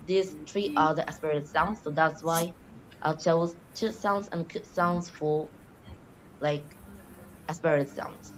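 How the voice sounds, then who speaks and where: A woman's voice: low-pitched, fairly even intonation, slow, a little hiss or hum, poor audio. A young woman, a student, answering spoken exam questions on pronunciation, explaining with frequent "like" and small restarts. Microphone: online call.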